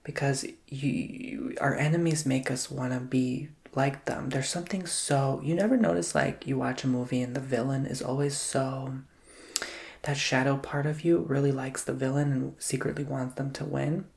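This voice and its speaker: A man giving a chatty, theatrical ASMR tarot reading that keeps dropping into soft whispers. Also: medium pitch, fairly even intonation, normal speed, creaky.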